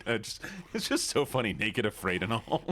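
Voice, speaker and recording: A man's voice: lowish voice, lively intonation, moderate pace, fairly bright tone, slight background noise. A man hosting a casual gaming stream, giggly, easily distracted and playfully whiny. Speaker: streamer and host.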